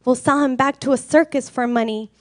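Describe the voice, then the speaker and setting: A woman voicing a group of rough male hunters in a storybook reading, shouting with excitement. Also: high voice, a little fast, natural voice. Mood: excited.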